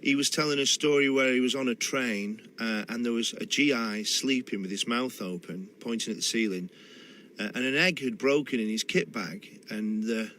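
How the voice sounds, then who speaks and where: A man with a Manchester accent speaks in an unhurried, reflective way, a guest in a radio studio recalling family stories. His voice sits at an ordinary middle pitch, and he often circles back and restarts his sentences. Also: sharp tone, slight background noise. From Manchester, England. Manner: thoughtful, with hesitant restarts. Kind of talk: reflective storytelling in a radio interview.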